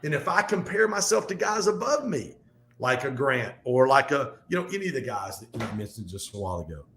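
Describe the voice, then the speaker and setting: A man speaking as a guest in a casual podcast conversation, talking in an animated, fast, motivational way. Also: mid-range voice, a little hiss or hum. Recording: echoey room.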